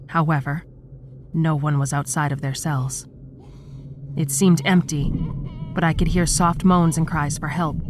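A woman narrating a horror story in a steady, measured storytelling manner. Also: on the low side. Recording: clear background noise.

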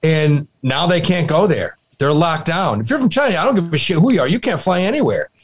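A man's voice: a little high, sing-song, fairly quick, breathy edge. A man co-hosting a podcast, talking about markets in a blunt, profane way. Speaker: podcast co-host, market commentator. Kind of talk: casual chat.

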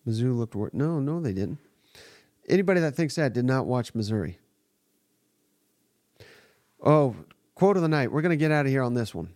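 Male podcast host, mid pitch, dry close-miked sound, blunt and exasperated, swears freely. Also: lively intonation, normal speed, pauses often, a little mellow, dry recording. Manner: blunt, exasperated, profane commentary. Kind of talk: live sports reaction podcast.

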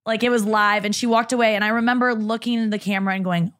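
A woman's voice: on the high side, steady tone, quick pace, fairly bright tone. A young woman comedian, a guest on a podcast, chatting candidly and laughing often. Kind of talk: casual chat.

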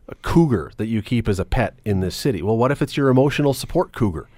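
A man's voice: medium pitch, animated, a little mellow, no echo. A middle-aged man hosting a radio talk show, opinionated and joking in casual banter. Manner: opinionated, wry, quick to joke. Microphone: studio microphone.

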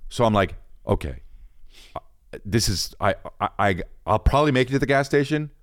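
A man comedian and podcast host tells a rambling, self-mocking story. His voice swings up and down in pitch. He talks in casual, animated bursts. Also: moderate pace.

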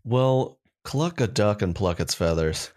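In a fairly low voice at a measured pace, a Southern man with a Southern accent jokes his way through a casual comedy chat. His delivery is lively, and he keeps making up folksy sayings.

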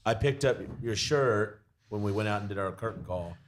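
A man's voice: lowish voice, normal speed, slight background noise. A man guesting on a podcast, chiming in with short remarks in casual chat at a pub.

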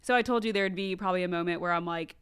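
A young woman co-hosting a podcast, talking in a relaxed, candid casual chat. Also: on the low side, very fast, clean tone. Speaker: podcast co-host.

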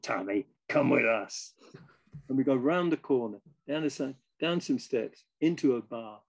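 A man's voice: mid-range voice, a little mellow, no room sound, rough recording. A man in his eighties, a guest musician, telling stories casually with frequent chuckles. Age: 80s. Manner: chuckling, self-deprecating. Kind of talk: casual storytelling.

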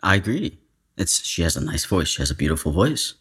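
A man talking as a guest in a casual chat, hesitant and halting with fillers. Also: sits low, sing-song, fairly bright tone, husky.

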